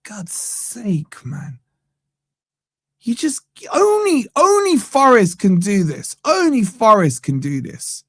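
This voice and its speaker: A man's voice: high voice, wildly swooping pitch, slow pace, a bit bright, husky, dry recording. A man hosting a fan channel, giving live watch-along commentary on a match from a studio, ranting in exasperation and tagging "man" onto nearly every line.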